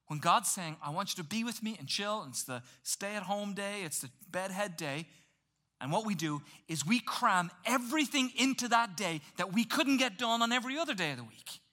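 A man preaching a sermon in a lively, conversational way, acting out little voices for humor. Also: high-pitched, normal speed. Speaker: pastor.

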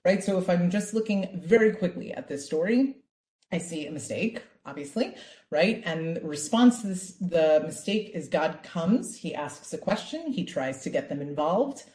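Woman teacher with a mellow low voice. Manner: lively, asks "right?" often. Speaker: Torah teacher. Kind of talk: online Bible class. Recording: echoey room.

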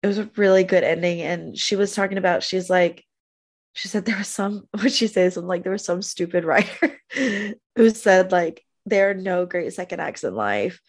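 A woman co-hosting a podcast, recapping a TV episode in casual chat, animated and gushing, laughing often. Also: fairly low pitch, normal speed. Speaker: podcast co-host.

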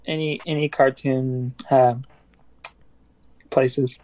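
A man's voice: mid-range voice, little pitch movement, slow, a little mellow. A young adult man, a musician guest on a podcast, chatting casually and rambling with many fillers and restarts.

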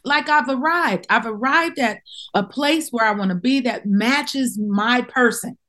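A woman's voice: on the high side, unhurried, a bit bright. Heartfelt, emotional woman singer chatting. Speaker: guest singer. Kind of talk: casual interview chat.

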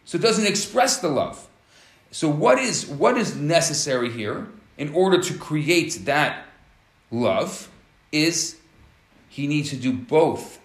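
Man teaching, animated and explanatory, slow deliberate delivery; echoey room. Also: a little high. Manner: animated, explanatory, acts out scenarios. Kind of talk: relationship teaching talk.

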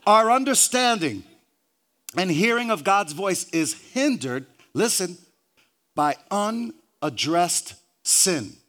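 High, bright-voiced preacher man. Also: animated, takes it slowly. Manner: peppers every phrase with "hallelujah", rising to shouts; stumbles and repeats words, jokes with the congregation. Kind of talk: sermon.

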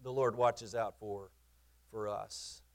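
A man's voice: fairly low pitch, steady tone, slow. A man preaching a sermon in a conversational, emphatic way, often repeating and restarting phrases, with teasing asides to his congregation. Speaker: pastor.

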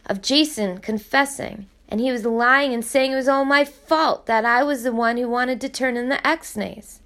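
A woman's voice: on the high side, normal speed, fairly bright tone, pitched above the performer's own voice. Woman voicing an anguished teenage girl. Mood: urgent, pleading. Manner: urgent, breathless pleading.

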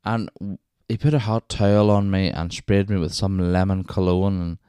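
A low, steady, warm and smooth voice at moderate pace comes through a dry recording. It belongs to a Northern Irish man hosting his own podcast, who rambles chattily through casual solo stories that double back on themselves, peppered with wee asides.

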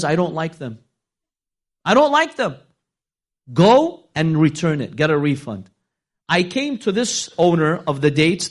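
A man preaching a sermon, telling a story with dramatic swings of pitch and loudness, sometimes slowing into a chanted, half-sung delivery. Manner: storytelling, voicing quoted figures, dramatic rises in pitch.

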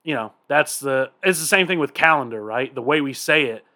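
A young man co-hosting a podcast, chatting casually and telling animated, profane stories. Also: mid-range voice, a little fast. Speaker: podcast co-host. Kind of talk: casual chat.

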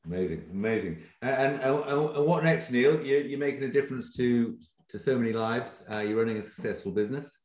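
Man, podcast host, mid pitch, halting affirming questions, echoey room. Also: darkish tone. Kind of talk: casual interview.

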